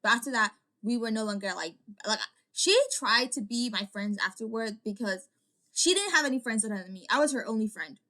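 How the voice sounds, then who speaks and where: A woman's voice: a little high, brisk, pushed and bright. A young woman vlogger telling a personal story in a casual, rambling way, full of "like" fillers and restarts.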